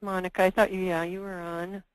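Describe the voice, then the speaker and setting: A woman's voice: lowish voice, flat delivery, a little fast, clear, resonant tone, low-quality recording. A woman leading a conference call discussion, hesitant and full of fillers and restarts. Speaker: meeting presenter.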